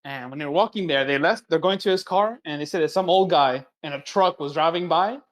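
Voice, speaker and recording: Young male co-host, somewhat high voice, laid-back storyteller. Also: fairly quick. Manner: laid-back storyteller, drawls out asides like "right?". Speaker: podcast co-host. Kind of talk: casual chat.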